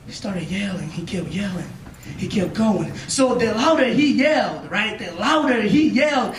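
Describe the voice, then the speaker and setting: A motivational speaker with a high, animated voice addresses young listeners at a moderate pace, telling a story emphatically with lots of repetition and frequent questions to check in. The room is echoey with the mic far off, and there's a little hiss or hum.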